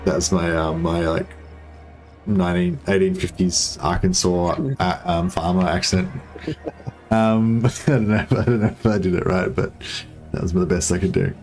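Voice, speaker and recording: A man's voice: low-pitched, animated, normal speed, gravelly, a little mellow, soft background music. An Australian man in casual gaming chat, rambling and swearing casually while he plays co-op. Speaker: co-op game streamer.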